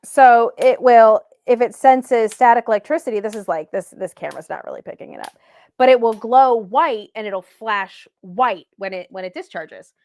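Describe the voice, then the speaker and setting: Animated woman chatting on a video call. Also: a little high. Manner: animated, swearing, quick storytelling with laughs. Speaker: paranormal equipment maker, guest. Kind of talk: casual livestream chat.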